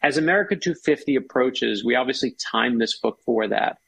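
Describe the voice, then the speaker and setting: A man speaking with a gravelly, slightly husky voice, recorded dry and close. He talks as a guest author in a casual conversation, telling stories with real enthusiasm. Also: mid-range voice, animated, fairly quick, a bit bright, no room sound, low-quality recording. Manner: enthusiastic, storytelling.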